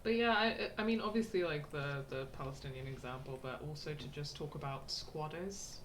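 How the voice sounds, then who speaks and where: A woman's voice: sits low, moderate pace, a bit bright, a little hiss or hum. A woman co-hosting a video game let's-play, chatting casually, laughing often and stopping to explain things. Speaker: co-host playing a video game.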